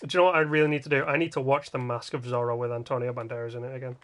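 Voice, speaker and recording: A man's voice: mid-range voice, level tone, racing, fairly bright tone. A man casually commenting while building in a game livestream, joking and grumbling in a rambling way. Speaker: game streamer.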